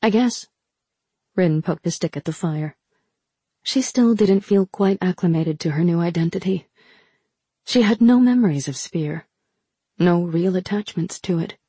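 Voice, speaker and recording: A woman narrating a novel in a steady, measured reading. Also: on the low side, slightly rough, no echo. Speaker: audiobook narrator. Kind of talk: scripted narration.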